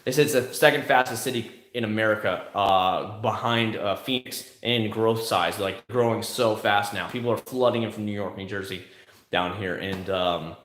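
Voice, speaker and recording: A man's voice: on the low side, moderate pace, a bit bright, echoey room. Blunt, profane Florida man ranting. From South Florida. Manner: blunt, profane, mocking impressions of others. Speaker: livestream host answering chat. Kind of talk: casual ranting chat. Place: home room, in Kissimmee.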